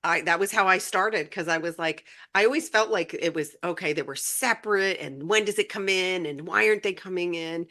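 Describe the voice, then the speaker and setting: A woman's voice: lowish voice, brisk, hardly any pauses, bright, forceful tone. A woman co-hosting a spiritual podcast, chatting casually and animatedly about her experiences. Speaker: podcast co-host.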